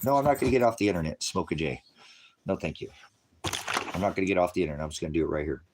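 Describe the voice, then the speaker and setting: A man in his sixties rambling through a live-stream monologue, cursing freely and swinging between low mutters and loud rants. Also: lively intonation, racing, a little hiss or hum. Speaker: livestreamer.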